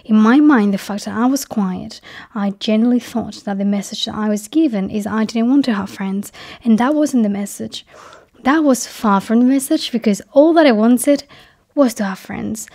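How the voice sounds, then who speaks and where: A woman talking to her viewers in a personal monologue. She speaks softly, often slipping into a breathy half-whisper, and lays slow, deliberate stress on key words. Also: on the high side. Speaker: vlogger.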